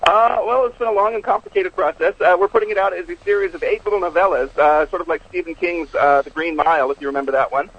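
A man's voice: sits high, fast, hardly any pauses. A man, an author, being interviewed by phone, speaking hesitantly with many filler words. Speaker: author guest. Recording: dull phone line.

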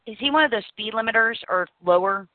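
A woman hosts a podcast and chats casually, telling her stories with animated energy. Her voice comes through a narrow, phone-like line. The sound is dry, with no room echo. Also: fairly high pitch, fast. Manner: chatty, animated storytelling with laughs. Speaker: podcast host. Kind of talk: casual chat.

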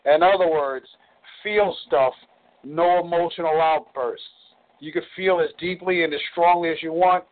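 A man coaches over a phone line, blunt and folksy, swearing to drive points home. His voice sits a little high. The sound is thin and tinny, like a phone call. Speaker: relationship coach leading a call.

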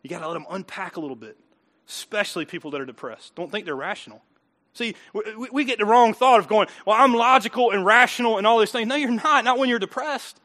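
Bright, high-voiced man preaching emphatically. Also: quick pace. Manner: folksy, emphatic preaching with rising outbursts and chuckles. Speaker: pastor. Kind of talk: sermon.

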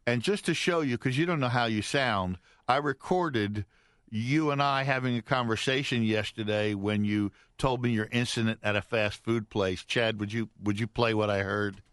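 A man's voice: lowish voice, moderate pace, a bit bright, dry recording. A man hosting a radio talk show in a studio, teasing his co-hosts. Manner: playful, teasing host. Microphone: studio mic.

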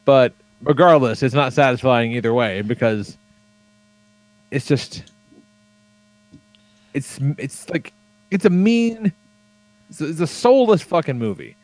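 A man's voice: medium pitch, animated, measured pace, long pauses, darkish tone, no echo. A man chatting casually on a podcast, swearing freely and rambling with lots of fillers as he tells stories. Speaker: podcast co-host.

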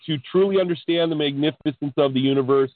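A man, a podcast guest, telling the story of his spiritual experiences in an excitable, animated way, often restarting his sentences. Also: fairly high pitch, fast, dry recording. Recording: dry tinny phone-line sound.

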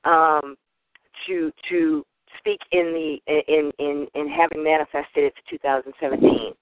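A woman in her fifties with a Boston accent introduces herself on a group call. She is an animated storyteller who acts out the voices in her stories. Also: low-pitched, a little slow, no room sound. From Boston area, USA. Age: 50s. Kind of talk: casual personal introduction. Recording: tinny phone line, dry.

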